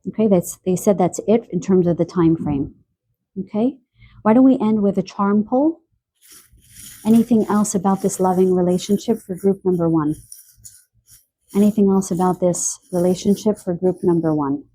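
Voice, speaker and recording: A woman giving a spoken tarot card reading, a little stuffy from allergies and clearing her throat, talking softly and earnestly with emotion. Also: medium pitch, normal speed. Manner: soft, earnest, emotional about animals.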